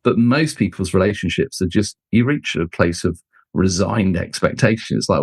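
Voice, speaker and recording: Middle-aged male guest, slightly low voice, expressive anecdote teller, dry close mic. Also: normal speed, breathy edge, no echo. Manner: expressive, acts out quoted people with jumps in pitch. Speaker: guest, leadership author and speaker. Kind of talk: animated storytelling in conversation.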